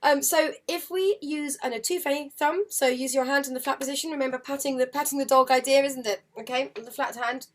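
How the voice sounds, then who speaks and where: Loud harp playing sits under this woman's voice as she gives a live online music lesson on the harp. Her voice sits high with fairly even intonation, moving a little fast with few pauses, and she's chatty and encouraging, singing counts and rhythms to explain.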